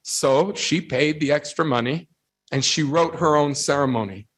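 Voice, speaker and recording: A man with a slightly higher voice delivers a devotional talk to a young audience. He tells lively stories and keeps asking rhetorical questions. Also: moderate pace. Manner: animated storytelling, rhetorical questions. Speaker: religious speaker addressing youth.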